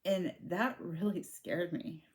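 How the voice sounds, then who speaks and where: Low-voiced woman in her forties, candid. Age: 40s. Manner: candid, halting, with many restarts and fillers. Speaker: vlogger sharing her own story. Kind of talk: personal storytelling to camera.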